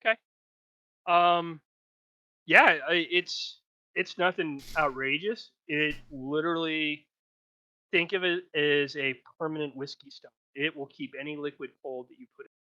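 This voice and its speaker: A woman running a tabletop game as game master on a live stream, playful and quick to laugh. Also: deep voice, sharp tone, dry recording, highs cut off. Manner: laughs often, playful narration.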